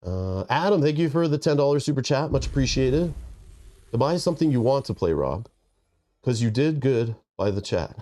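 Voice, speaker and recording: The man's mid-range, dark voice is very animated yet moderately paced, and his congestion makes him sound nasal. He's a livestream host rambling casually, thanking viewers and cracking jokes on the side.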